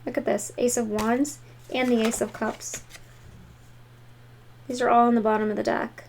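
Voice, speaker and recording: A woman's voice: on the high side, level tone, normal speed, darkish tone. A woman giving a tarot reading to viewers in an emphatic, encouraging way. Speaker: tarot reader.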